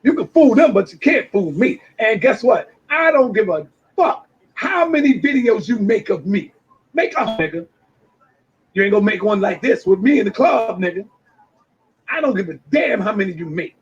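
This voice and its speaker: A man in a brash, swearing reaction rant with loud outbursts, heard through dull lo-fi clip audio. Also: high-pitched, very animated, normal speed, crowd noise. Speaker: commentator reacting to a video.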